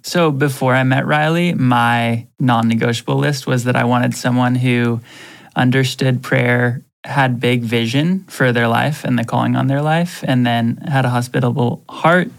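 A man's voice: medium pitch, fairly even intonation, measured pace, gravelly. A man talking as a podcast guest in an easygoing, thoughtful way. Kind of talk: casual chat.

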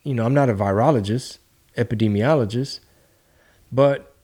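Man, podcast co-host, casual chat, profane, animated storyteller, Spanish words mixed in. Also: medium pitch, normal speed, husky.

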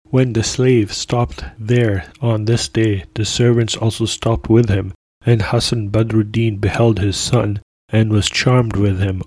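A man with a fairly low voice reads an old tale aloud at a steady, measured pace. The recording is close and completely dry, with no room sound. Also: dry recording. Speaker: podcast narrator. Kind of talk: reading a classic tale aloud.

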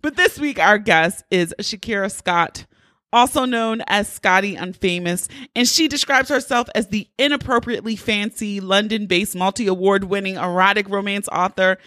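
A woman's voice: medium pitch, fairly bright tone, no room sound, studio quality. A young adult woman hosting her podcast in casual, playful chat, laughing easily. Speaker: podcast host.

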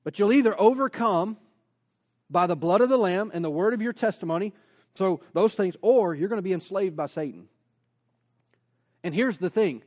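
A man preaching a sermon as a pastor, energetic, posing rhetorical questions and dropping in casual personal asides. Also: high voice, moderate pace, long pauses.

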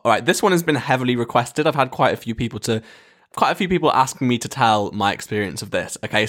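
An English man in his twenties tells a casual storytime monologue with lively, swinging pitch. He laughs often and drops swear words freely. His voice sits at an average pitch for a man. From England. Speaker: vlogger.

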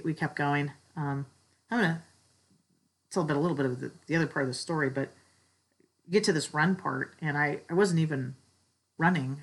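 A woman with a low voice gives an earnest, heartfelt talk at a church gathering. She shares a personal story and turns it into a lesson of faith. Her tone is husky and breathy. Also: a bit bright, low-quality recording. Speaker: church speaker.

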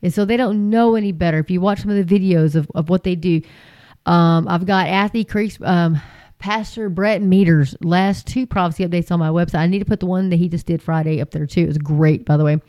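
A woman's voice: fairly low pitch, fairly quick, mellow, no echo. A woman giving impassioned religious commentary, emphatic and repetitive, with frequent fillers. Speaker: Christian commentator.

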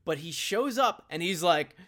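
A man's voice: high voice, expressive, moderate pace, sharp tone. A man co-hosting a podcast, adding wry remarks and plot details in casual chat about a movie. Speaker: podcast co-host.

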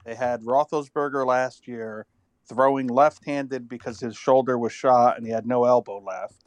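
A man's voice: mid-range voice, fairly even intonation, moderate pace, smooth, dry recording. A man co-hosting a casual football podcast, rambling and thinking aloud, tired after an illness. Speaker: podcast co-host. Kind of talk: casual sports chat.

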